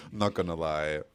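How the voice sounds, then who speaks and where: Man, game streamer, casual live chat, giggly, reacts to chat, very lively pitch. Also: smooth.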